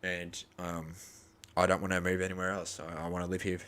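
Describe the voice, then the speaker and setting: Young Australian bloke, low voice, rambling live-stream host who bickers with chat. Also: male voice, completely flat delivery, a little fast, a bit bright, smooth. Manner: rambling, argues with chat, crude. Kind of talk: live cricket reaction stream.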